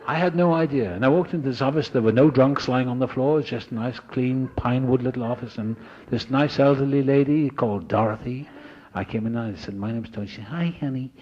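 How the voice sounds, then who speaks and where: An older man telling a personal recovery story to an audience, animated and acting out the voices of people he met. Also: medium pitch, fairly quick, highs cut off. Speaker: speaker sharing his recovery story.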